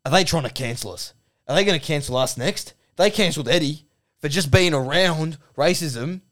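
A man with an Australian accent voicing a loud, aggressive male football pundit who rants, shouts and swears. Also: fairly high pitch, moderate pace, natural voice. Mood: ranting.

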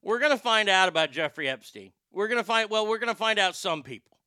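A man's voice: high voice, lively intonation, quick pace, sharp tone, clear, resonant tone, no echo. A man hosting a show and delivering heated, sarcastic ranting commentary that is full of profanity. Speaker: show host.

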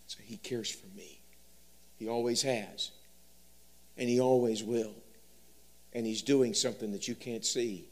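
A man preaching a sermon, telling stories and swinging from loud emphasis to soft, quiet delivery. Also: medium pitch, steady tone, a little slow, pauses often. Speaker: pastor.

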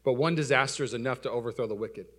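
A young adult man, a pastor giving a sermon in a self-mocking storytelling way that swings between loud excitement and soft, low asides. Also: racing.

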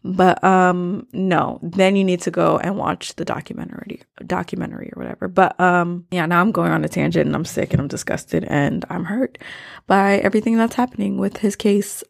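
A woman's voice: on the low side, creaky, dry recording, clean studio sound. A young woman from Maryland hosting her own podcast in casual chat, rambling and slangy with plenty of swearing. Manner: rambling, slangy and profane, drifting off topic. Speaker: podcast host.

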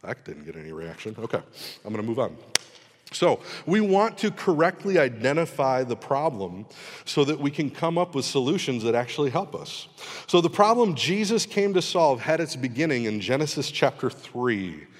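Pastor preaching in a reverberant hall. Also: male voice, mid-range voice, normal speed. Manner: storytelling, self-deprecating, animated when retelling. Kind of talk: sermon. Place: church hall.

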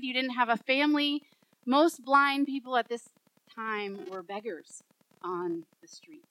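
A woman pastor preaching a sermon, telling a story in an animated way and acting out the voices in it. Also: high-pitched, dry recording, poor audio.

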